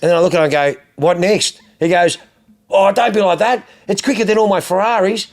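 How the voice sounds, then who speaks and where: A middle-aged Australian man telling animated, swear-heavy stories as a podcast host, acting out other people's lines. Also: sits high, a little fast. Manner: animated, profane anecdotes with acted-out quotes. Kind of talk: casual chat, storytelling.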